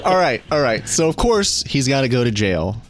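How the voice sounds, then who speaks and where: A man's voice: mid-range voice, very animated, normal speed, over music. A man hosting a casual podcast chat, recapping a film in a sarcastic, jokey way. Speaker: podcast host reviewing a film.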